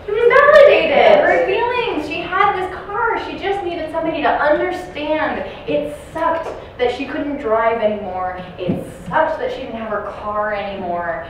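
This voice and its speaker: Woman trainer in an echoey distant room. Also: a little high. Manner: storytelling, asks the audience questions. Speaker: caregiving trainer. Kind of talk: training talk to caregivers. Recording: echoey room from far off, noisy.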